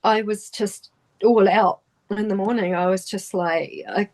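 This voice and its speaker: A middle-aged woman with a New Zealand accent, a podcast guest recounting a personal story in halting speech full of restarts and trailing phrases. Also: mid-range voice, fairly even intonation, a little mellow.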